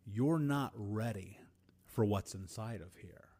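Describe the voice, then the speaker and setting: A man voicing a giant blue octopus that guards a treasure chest and speaks in hushed, ominous warnings. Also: on the low side, takes it slowly. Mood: whispered warning.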